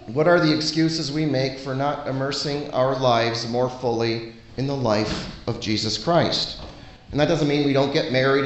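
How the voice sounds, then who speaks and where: A man preaching a sermon in an earnest, conversational way, pausing often between phrases. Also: a little high, echoey room, poor audio.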